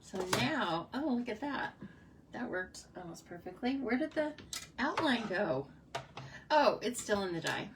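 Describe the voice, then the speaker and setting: A woman hosting a live card-making demo, chatting casually and excitedly with viewers as she works. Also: a little high, a little slow. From United States. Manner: chatty and bubbly, reacts to comments, frequent laughs. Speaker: stamping demonstrator hosting a live stream. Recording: somewhat distant mic with faint noise.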